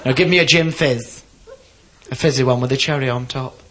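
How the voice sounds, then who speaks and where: A comedian voicing a flamboyant, demanding man who orders a drink with his big dog beside him, in a lower, camp voice. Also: level tone, fast, close to an everyday voice. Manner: camp and pushy. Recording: live club recording, noisy crowd laughter.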